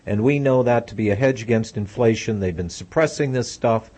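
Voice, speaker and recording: Radio host guy, mid pitch, casual and wry, gets worked up. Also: fairly quick, darkish tone. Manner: conversational, wry, building to indignation. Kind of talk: radio interview.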